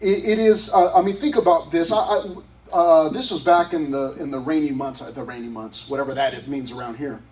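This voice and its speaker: A man's voice: a little high, fairly even intonation, brisk, a little mellow, distant mic, poor audio. A man, a youth pastor, teaching scripture to a group in a casual, conversational way, often restarting his sentences.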